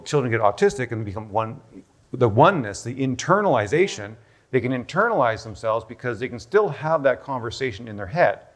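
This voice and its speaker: A man giving an explanatory talk on stage in a busy room. He lectures at an even, mid pitch and thinks out loud as he goes. He keeps checking in with his listeners by saying "okay?". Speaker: doctor presenting a health protocol. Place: busy room with a live audience.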